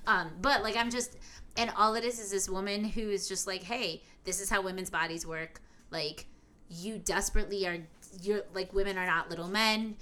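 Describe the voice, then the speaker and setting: Candid, bright-voiced woman podcasting. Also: mid-range voice, steady tone, normal speed, a little hiss or hum. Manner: candid, swears freely. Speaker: podcast co-host. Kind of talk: casual podcast chat.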